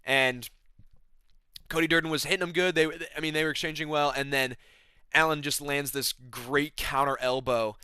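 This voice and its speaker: Brash young man with a bright voice. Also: fairly high pitch, normal speed, clean tone, no room sound. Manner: excited, sarcastic, with frequent fillers and repeated words. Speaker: MMA recap host. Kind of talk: casual recap and reactions.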